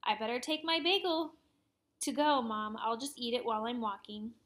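A woman's voice: a little high, moderate pace, a bit bright, lightly acted. A woman doing an eager first-grade boy.

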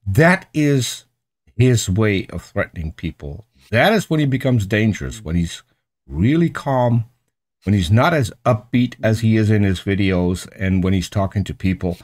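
A man's voice: on the low side, lively intonation, normal speed, darkish tone. A man hosting a casual online panel discussion, earnest and searching for words as he goes, often restarting his sentences. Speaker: host.

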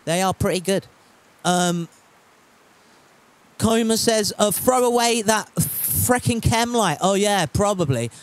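A man's voice: high-pitched, slow, long pauses. A man chatting casually while streaming a game from home, reading chat aloud and swearing freely.

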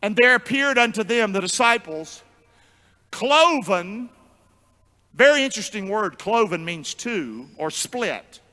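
A male pastor preaching a sermon in call-and-response style, jumping from shouts to low murmurs. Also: big pitch swings, a little slow. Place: church sanctuary. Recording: long church hall reverb.

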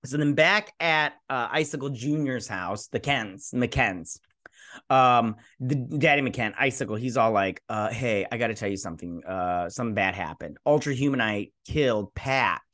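A man's voice: medium pitch, moderate pace. A young man hosting his own channel, recapping and reviewing a TV episode in a rambling, casual way with lots of ums and likes. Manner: rambling, filler-heavy, animated retelling. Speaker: YouTube show host.

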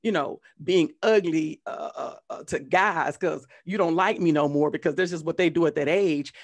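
A woman's voice: sits low, moderate pace. A woman hosting a casual conversation, telling stories animatedly with frequent restarts and repeated words. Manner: animated storytelling with frequent restarts and acted quotes. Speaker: host.

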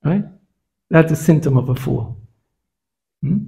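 In a temple scripture class, a man teaches conversationally, frequently checking in with listeners by asking "right?" His voice sits on the high side, unhurried and warm, with vocal fry.

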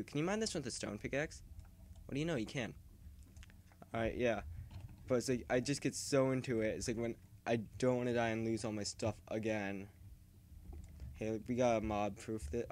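A man giving casual, rambling gameplay commentary who yells and panics when startled. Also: medium pitch. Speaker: gaming video host.

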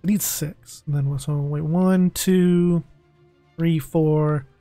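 A young man streaming a video game, talking casually and excitably, pleading with the game and groaning dramatically over a loss. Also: fairly high pitch, takes it slowly, no echo, soft background music. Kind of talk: casual live-stream commentary.

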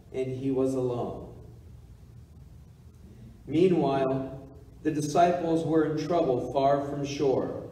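Man reading scripture at mass, slow and dark-toned, distant mic in an echoey church. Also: on the high side. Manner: slow, measured proclamation. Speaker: deacon reading the gospel. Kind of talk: liturgical gospel reading. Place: church sanctuary.

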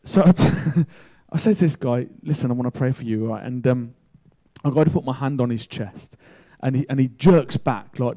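A man giving a sermon as a story told to his congregation. His voice is mellow and dark-toned, at a middle pitch for a man. He talks in a loose, chatty way, with excitable bursts in the story. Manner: casual and chatty, excitable when telling the story. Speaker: pastor.

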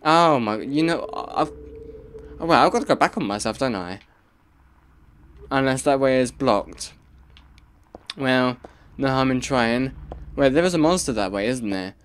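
A man giving casual gameplay commentary, reacting out loud and muttering to himself as he plays. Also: mid-range voice, animated, a little slow, pauses often, clear, resonant tone. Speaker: let's play gamer.

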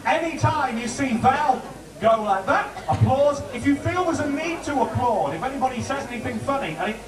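A man doing joking warm-up patter for a TV studio audience. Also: very high-pitched, brisk, recorded from a distance, crowd noise. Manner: chatty, joking, lively. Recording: roomy studio heard from afar with audience.

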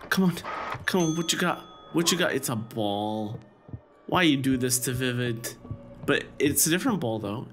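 A man giving casual, excitable commentary while playing a video game, chatting to viewers and squealing when surprised. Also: medium pitch. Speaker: gaming YouTuber.

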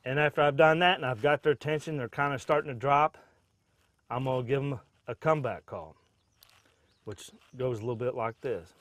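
A man's voice: mid-range voice, fairly quick, fairly bright tone, slight background noise. A man, a duck hunter telling folksy, wry stories. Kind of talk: casual storytelling.

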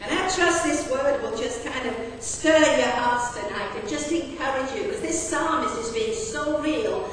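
A high-pitched woman delivers an earnest, conversational sermon, often asking the congregation questions. The recording is roomy and echoey, picked up from far off in a church hall, with faint background noise. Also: measured pace, few pauses. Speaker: pastor. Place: church service.

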